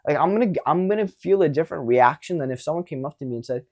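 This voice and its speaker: A young man with a somewhat high voice talks fast, giving viewers dating advice in a casual monologue. He's animated and blunt, swearing casually.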